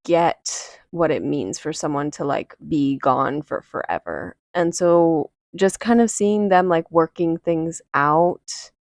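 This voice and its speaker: Woman podcast host with a slightly low voice and a dry sound, casual and reflective, fillers throughout. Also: animated, slow pace, few pauses, no room sound. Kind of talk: personal storytelling.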